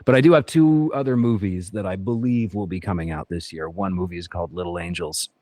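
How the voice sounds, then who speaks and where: A man speaks as a guest on a casual podcast in a very low, deep voice. He wanders through his thoughts with fillers and restarts. The sound is dry and close. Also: fairly quick, dark tone, dry recording. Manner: reflective, rambling with many fillers and restarts. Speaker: actor guest.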